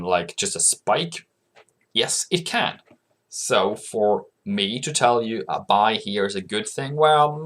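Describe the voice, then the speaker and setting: A man hosting a trading video, giving casual chart commentary and answering his own questions in a chatty way. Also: fairly low pitch. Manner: asks himself questions and answers them; chatty, coaxes viewers as "mate". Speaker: forex trading channel host.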